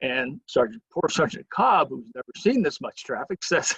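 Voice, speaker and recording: A museum educator with a husky, slightly raspy mid-range voice gives a history lecture at a moderate pace, telling it like a lively story and acting out the lines of the people he quotes. The sound is dry and close with no room sound, its tone dull and a little muffled.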